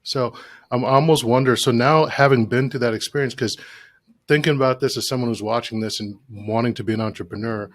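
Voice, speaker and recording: A man's voice: medium pitch, steady tone, fairly quick, no echo. A man hosting an interview, speaking encouragingly to his guest before asking a question. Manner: warm and encouraging toward the guest. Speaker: podcast host. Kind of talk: interview conversation.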